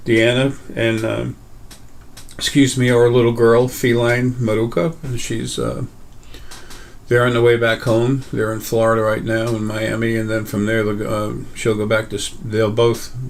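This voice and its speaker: A man's voice: medium pitch, level tone, measured pace, vocal fry. A man hosting a casual metaphysical talk, rambling with many fillers and restarts. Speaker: host.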